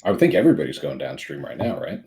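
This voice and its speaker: A man's voice: extremely low pitch, wildly swooping pitch, racing, vocal fry, warm tone. A man playing a tabletop game, asking questions in a friendly, inquisitive way as his character. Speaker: player.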